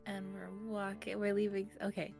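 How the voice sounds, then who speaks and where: A woman player chats casually in a tabletop game session. She makes dry, joking remarks in an even, mid-pitched voice, and faint music plays underneath. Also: moderate pace, creaky.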